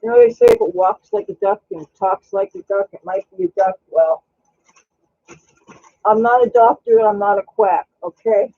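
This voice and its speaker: A chatty man hosting a live baking stream from his kitchen, with a husky, gravelly voice. He talks casually and coos baby talk at his cat. The sound is dry and close. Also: sits high, very animated, normal speed, no room sound, narrow, tinny audio. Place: home kitchen.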